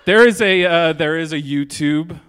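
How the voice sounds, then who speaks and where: A man's voice: a little high, normal speed, fairly bright tone, clear, resonant tone. A man co-hosting a podcast, starting and restarting his jokes with "like" fillers. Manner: hesitant, restarts with "like". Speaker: podcast co-host. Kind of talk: joking banter.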